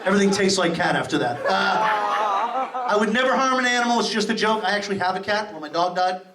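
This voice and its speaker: Speaking briskly in a high-pitched voice with lively intonation, a middle-aged comic from Massachusetts works the crowd brashly and profanely during a club stand-up set. Captured from a distance in a roomy space, the audio is full of the audience's loud laughter and applause.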